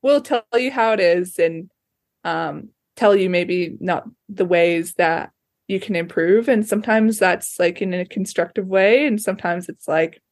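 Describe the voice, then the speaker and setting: Young woman, low dry voice. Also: measured pace, dry recording. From Australia. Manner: chatty, many fillers and restarts. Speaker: ski racer guest. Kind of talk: casual interview chat.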